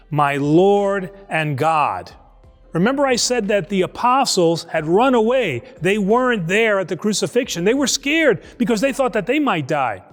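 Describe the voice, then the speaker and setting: A priest telling a Bible story to children in a lively, conversational way, acting out the voices. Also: male voice, high-pitched, long reverb tail. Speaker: priest teaching Sunday school. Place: church.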